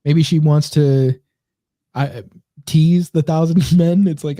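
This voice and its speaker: Sarcastic podcast host, mellow dry voice. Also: male voice, on the high side, fairly even intonation, unhurried, no echo. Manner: sarcastic, rambling, reads comments aloud. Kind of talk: casual comedy podcast banter.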